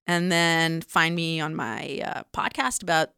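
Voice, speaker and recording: Female podcast guest, lower pitch, bright tone, wry humor, dry sound. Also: a little slow, vocal fry, smooth, no echo. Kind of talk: casual podcast chat.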